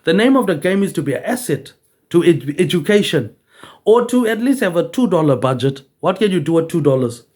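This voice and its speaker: A man's voice: a little high, very animated, brisk, a little mellow. A man rambling on in a loose monologue, swearing freely and tagging almost every line with "mate".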